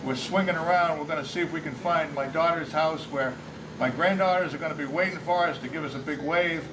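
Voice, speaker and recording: An older man talks us through a small-plane flight in a jokey, excitable way. His voice sits fairly high and comes through from a distance. Loud engine noise rumbles underneath everything he says. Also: a little fast. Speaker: show segment narrator. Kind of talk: casual voice-over narration of a flight.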